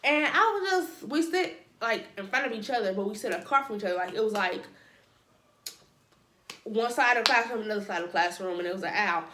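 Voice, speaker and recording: A woman's voice: mid-range voice, animated, brisk, pushed and bright, reverberant, a little hiss or hum. A woman vlogger telling a personal story in a casual way, with dramatic asides and playful sound effects.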